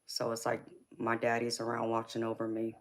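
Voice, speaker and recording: A woman's voice: a bass voice, monotone, fairly quick. A woman with a Southern US accent giving a casual live-stream tarot reading, greeting viewers with endearments and rambling with frequent fillers. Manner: affectionate, greets viewers with endearments like baby and honey; chatty and rambling, with frequent ums and you-knows.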